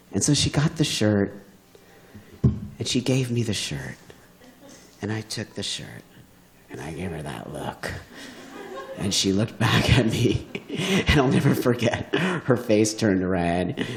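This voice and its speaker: A man telling a personal story live to an audience, animated and laughing often as he acts out what people said. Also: lowish voice, measured pace, long pauses, echoey room. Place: event venue.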